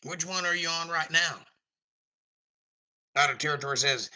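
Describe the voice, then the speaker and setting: A male live-stream host who chats casually and reads viewer comments aloud, rambling and joking. His voice sits a bit high and sounds strikingly bright. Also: normal speed, pauses often, poor audio. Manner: jokey, rambling.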